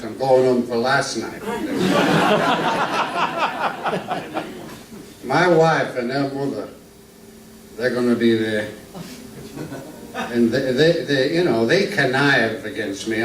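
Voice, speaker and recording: An older man playing an old, henpecked music-hall comedian. He tells jokes in a rambling, stammering patter in a vaudeville routine. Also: medium pitch. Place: theater stage. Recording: echoey stage from a distance, faint room noise.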